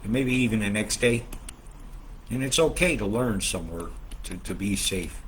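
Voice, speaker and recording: A man hosting a casual, rambling weather update, swearing often and swinging between loud outbursts and low muttering. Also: expressive, normal speed, slight background noise. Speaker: weather video host.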